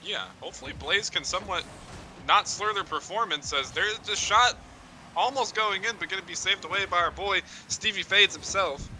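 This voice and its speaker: A man's voice: high-pitched, sharp tone, slight background noise. A young man casting a game on a casual drinking stream, joking and crude in his banter. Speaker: esports caster.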